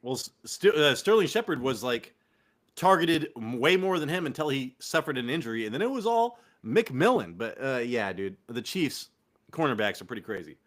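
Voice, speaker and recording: A man's voice: medium pitch, sing-song, normal speed, fairly bright tone. A young man with a Californian accent, hosting a casual fantasy football show with loose, profane, laughing banter. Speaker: podcast host.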